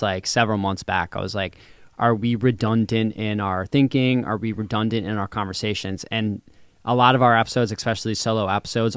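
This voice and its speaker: A man's voice: lowish voice, fairly bright tone, smooth, no room sound, clean studio sound. A young man co-hosting a podcast, speaking casually and thoughtfully, with frequent fillers as he works through ideas. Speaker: podcast co-host. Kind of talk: casual chat.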